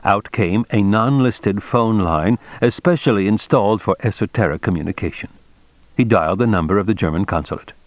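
A man reading a novel aloud as narrator in a measured, steady way. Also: lowish voice, dry recording. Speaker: audiobook narrator. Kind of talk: scripted narration.

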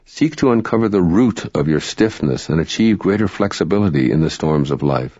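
A man reading spiritual self-help narration in a calm, measured, instructive way. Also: deep voice, slightly rough, dry recording. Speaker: audiobook narrator. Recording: dry, dull lo-fi recording.

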